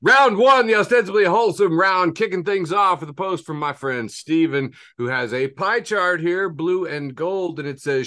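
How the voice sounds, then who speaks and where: A man's voice: high-pitched, normal speed, hardly any pauses, sharp tone. A man co-hosting a podcast in casual comedic chat, upbeat and laughing at his own bits. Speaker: podcast co-host.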